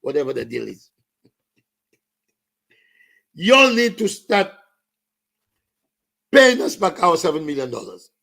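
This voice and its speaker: A man's voice: on the high side, sing-song, measured pace, vocal fry, pauses often, fairly bright tone. A man with a Saint Lucian accent ranting about politics, slipping into Creole and French. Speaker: political commentator. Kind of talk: impassioned political rant.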